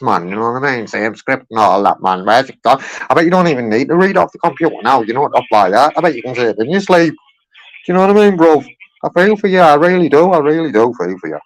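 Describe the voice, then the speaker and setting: A man's voice: medium pitch, no echo, poor audio. A man making a heated phone complaint, insistent and repetitive, filling his talk with "you know what I mean". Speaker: caller.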